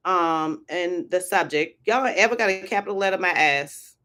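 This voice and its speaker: A grown woman talks straight to her viewers in a loose, sassy livestream chat, calling them y'all. Her voice is bright and forward. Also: fairly low pitch, unhurried, few pauses. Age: adult. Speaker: HR content creator and host.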